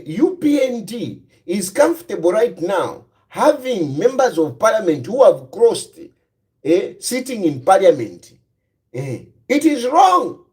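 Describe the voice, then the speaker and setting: A Zambian-accented man delivers political commentary on his own. His voice sits high and swings widely in pitch. He keeps firing rhetorical questions and slips easily between English and Bemba. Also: darkish tone.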